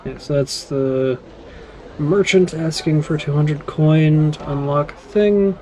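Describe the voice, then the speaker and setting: A man's voice: on the high side, slow, a little mellow. A man playing a fantasy role-playing game, thinking aloud in casual, mumbled commentary. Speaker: let's play gamer.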